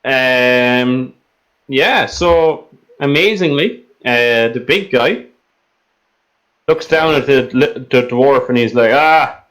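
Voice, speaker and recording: A man's voice: mid-range voice, takes it slowly, fairly bright tone, poor audio. Rambling man running a tabletop game. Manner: rambling, hesitant, lots of fillers. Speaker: game master.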